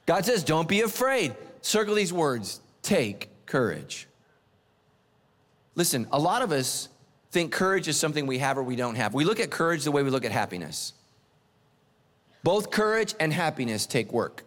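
A middle-aged man preaching a sermon in a church, animated and joking, swinging his pitch up and down for emphasis. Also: moderate pace, big-room sound. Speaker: pastor. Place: church sanctuary.

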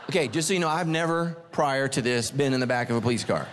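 A senior pastor preaching with the animated, self-mocking timing of a storyteller. His male voice sits high, and each line rings out with a long church-hall reverb. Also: a little fast, a little hiss or hum. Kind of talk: humorous sermon storytelling.

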